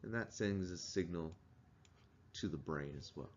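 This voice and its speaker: A man's voice: sits low, a little slow, dull audio, a little hiss or hum. A man teaching a class, explaining things in a conversational way and asking the students questions. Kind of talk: classroom lecture.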